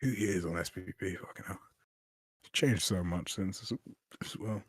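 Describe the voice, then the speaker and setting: A man's voice: sits low, normal speed, slightly rough, dry recording, clean studio sound. A young man, a game developer chatting casually on a stream, rambling and swearing as he tells stories. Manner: rambling, swearing, animated retelling. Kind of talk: casual chat.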